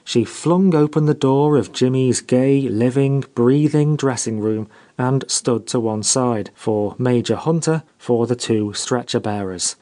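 Mellow-voiced man reading a story. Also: medium pitch, unhurried, hardly any pauses. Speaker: narrator.

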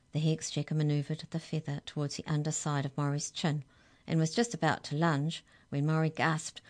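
A woman storyteller reading a children's story aloud in a measured, expressive way. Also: low-pitched.

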